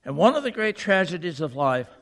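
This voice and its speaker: A man's voice: on the high side, fairly quick. Man preaching in an echoing auditorium. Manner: animated poem recital then earnest preaching. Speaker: pastor. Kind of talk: sermon. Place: church auditorium. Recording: long reverb of a large hall.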